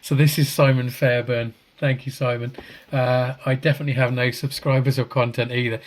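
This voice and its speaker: A man co-hosting a podcast on a video call, reading out viewer comments in a relaxed chat, chuckling often and restarting his sentences. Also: medium pitch, a little fast. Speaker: podcast co-host.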